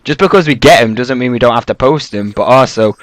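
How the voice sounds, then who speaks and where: Rambling young gaming commentator. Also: male voice, medium pitch, fast talker, no echo. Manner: rambling, swears casually, filler-heavy. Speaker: gaming YouTuber. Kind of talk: casual gameplay commentary.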